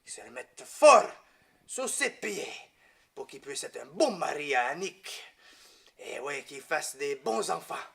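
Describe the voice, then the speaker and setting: A retired military commando turned priest, speaking with a French accent. His delivery is slow, boastful and solemn, pitched a little above the speaker's usual voice, as a man acts him out while telling a story. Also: very animated, vocal fry, sharp tone, full character voice. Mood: solemn blessing.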